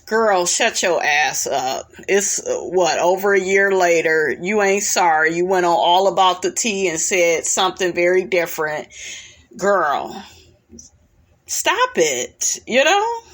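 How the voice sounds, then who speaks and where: A woman's voice: lowish voice, big pitch swings, slow pace, a bit bright. A woman giving a casual recap of a reality show episode, blunt, sassy and profane, talking back to the people she describes.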